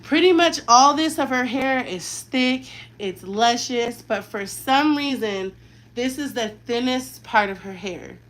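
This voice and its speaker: Bright-toned and a little high, this woman's voice is animated but measured as she chats with slangy frankness. She's a mother in her thirties styling her daughter's hair, heard on a rough recording.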